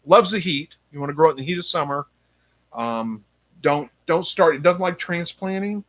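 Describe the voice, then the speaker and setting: A man hosting a casual live stream, reading viewer comments aloud and thinking out loud with frequent ums. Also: on the high side, lively intonation, normal speed. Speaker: livestream host reading chat.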